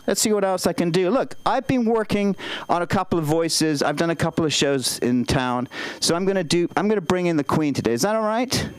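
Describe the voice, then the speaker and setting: A man working an open-mic comedy crowd in a high voice. He rambles chattily through his bits and pokes fun at himself. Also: clear, resonant tone, rough recording. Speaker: stand-up comic.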